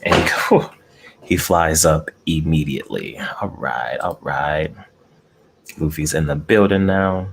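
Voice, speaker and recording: A man's voice: low voice, gravelly, a little hiss or hum. A man hosting a casual eating live stream from home, laid-back, greeting chat viewers and chuckling often. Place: room at home with air conditioning. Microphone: desk mic close up.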